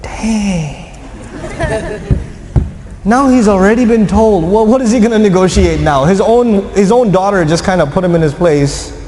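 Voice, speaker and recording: Animated male preacher in an echoey hall. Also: high-pitched, a little slow. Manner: animated, acts out quoted voices. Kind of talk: lecture storytelling.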